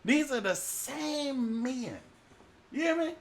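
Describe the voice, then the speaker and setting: A male preacher delivering a humorous, colloquial sermon with animated storytelling. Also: extremely high pitch, slow pace, a little hiss or hum.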